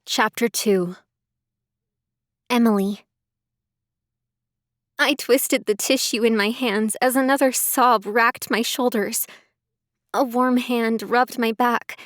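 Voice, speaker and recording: A woman's voice: fairly high pitch, fairly even intonation, slow pace, long pauses, dry recording, studio quality. A woman narrating a first-person audiobook, reading with emotion and a tearful edge in the dialogue.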